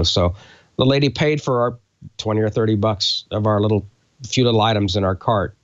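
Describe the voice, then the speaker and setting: A middle-aged man from South Louisiana, a co-host telling a heartfelt story, earnest and halting with many fillers. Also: on the low side, no room sound, dull audio. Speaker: show co-host.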